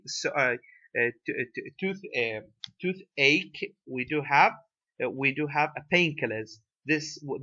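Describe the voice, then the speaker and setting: Slow, hesitant lecturer with an Iraqi accent. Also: male voice, a little high, bright, forceful tone. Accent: Iraqi Arabic. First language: Arabic. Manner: hesitant, many fillers, tag questions like "right?". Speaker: university English lecturer. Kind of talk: recorded lecture. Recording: dull lo-fi lecture recording.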